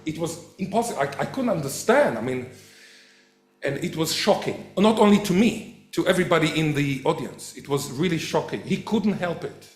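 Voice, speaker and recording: A man giving a public lecture as a professor, animated and quick to act out the voices he quotes. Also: a little high. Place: event hall. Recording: echoey hall.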